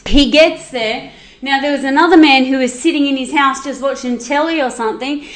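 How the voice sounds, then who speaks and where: High-voiced woman retelling a Bible story. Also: fairly quick, reverberant. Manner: animated, chatty, with many restarts and asides. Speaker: Bible teacher.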